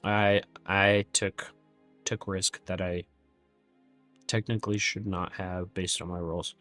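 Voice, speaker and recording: A man's voice: low-pitched, little pitch movement, takes it slowly, a bit bright, no echo, faint music behind. A man streaming his day trading live, thinking aloud through figures with candid self-criticism.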